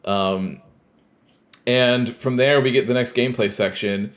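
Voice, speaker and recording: A man's voice: mid-range voice, measured pace. A man co-hosting a podcast, casually retelling a video game scene with lots of fillers and quoted lines. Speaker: podcast co-host. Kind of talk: casual chat recapping a game.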